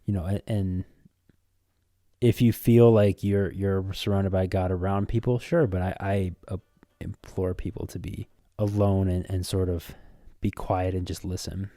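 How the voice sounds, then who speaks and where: A young man in his twenties co-hosting a casual faith podcast, laid-back and quick to laugh along. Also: low voice, steady tone, mellow, dry recording, studio quality. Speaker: podcast co-host.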